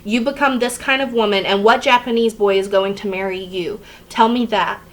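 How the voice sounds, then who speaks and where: A woman's voice: mid-range voice, fairly even intonation, normal speed, lightly acted. A woman reading aloud the lines of a stern, angry father who lectures his daughter, in a plain reading voice. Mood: scolding. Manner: scolding, read plainly.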